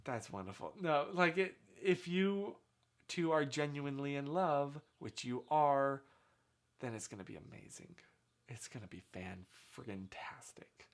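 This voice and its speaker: Chatty, animated man live-streaming from his room. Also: on the high side, a little slow. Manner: chatty, animated, effusive congratulations. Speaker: livestream host. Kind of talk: casual live-stream chat with chat. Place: small bedroom at home. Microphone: desk microphone, sometimes turned away.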